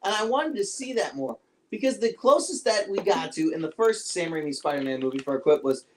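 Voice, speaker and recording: Animated co-host with a lively voice. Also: a little fast, few pauses, slight background noise. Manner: animated, acts out quotes with big pitch jumps. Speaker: podcast co-host. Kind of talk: casual movie chat.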